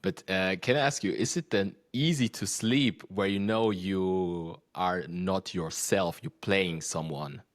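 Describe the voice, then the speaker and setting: A man's voice: deep voice, unhurried, hardly any pauses, no echo, clean studio sound. A man whose native language is German, hosting an interview and asking questions while searching for his words. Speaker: host.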